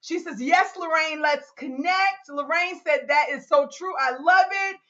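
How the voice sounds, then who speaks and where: A woman's voice: sits high, unhurried, fairly bright tone, dull audio. A woman hosting a live Q&A call, reading out listeners' comments and cheering them on with whoops and laughter. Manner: exuberant, whoops and laughs often; hypes up listeners, calls them y'all.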